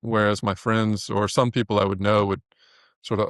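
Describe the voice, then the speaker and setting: A man's voice: fairly low pitch, flat delivery, moderate pace, fairly bright tone, clear, resonant tone, no echo, studio quality. A man speaking as an interview guest, telling his story earnestly with many restarts and repeated words. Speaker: guest, animator. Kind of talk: reflective interview talk.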